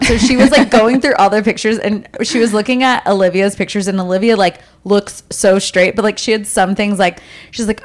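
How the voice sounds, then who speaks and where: A woman's voice: medium pitch, steady tone, fairly quick. Young woman co-host, rambling filler-heavy chat. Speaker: podcast co-host. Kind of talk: casual chat.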